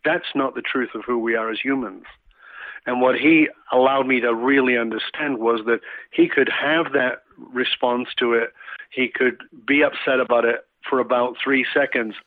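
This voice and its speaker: A man's voice: medium pitch, fairly even intonation, normal speed, no room sound. A man from England telling a reflective story in conversation, with many fillers and restarts. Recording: tinny phone-like line.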